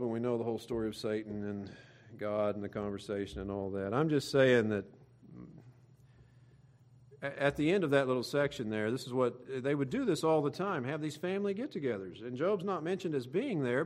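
A man's voice: medium pitch, a little mellow. A man preaching a sermon in a conversational way, with frequent asides and fillers. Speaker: pastor.

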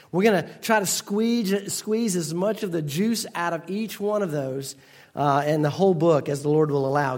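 A man pastor giving a conversational sermon, prompting his congregation to finish familiar verses. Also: on the high side. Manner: conversational, engaging the congregation with call-and-response. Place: church sanctuary.

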